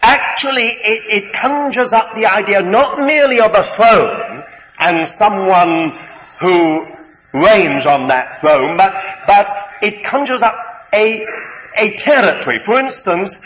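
A man preaching a sermon, deliberate and halting, with many fillers and gentle humour, in a large hall. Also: high voice. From Britain. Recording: reverberant hall, faint background noise.

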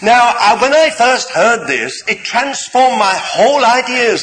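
A man preaching a sermon, deliberate and halting, with many fillers and gentle humour, in a large hall. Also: very high-pitched, animated. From Britain. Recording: reverberant hall, faint background noise.

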